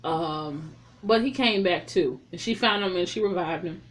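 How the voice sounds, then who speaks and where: A woman giving a casual, chatty spoken recap of a film. She retells the scenes in an animated way and swears freely. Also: on the low side, moderate pace. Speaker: film reviewer.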